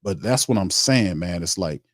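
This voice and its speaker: A man's voice: low voice, lively intonation, normal speed, no room sound, studio quality. A man hosting a sports talk stream, reading chat comments and ranting emphatically in informal, streetwise speech. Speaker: sports show host.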